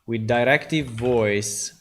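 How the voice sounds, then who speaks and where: A man's voice: mid-range voice, slow, slight background noise. A man developing a game, talking casually while he works, thinking aloud with many fillers. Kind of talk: casual dev stream commentary.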